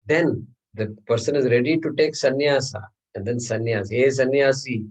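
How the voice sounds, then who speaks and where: In a classroom, a man with a medium-pitched voice teaches a scripture class at a normal speed, and the recording quality is low. He explains things step by step, checks in often with "okay?", and puts rhetorical questions to the class.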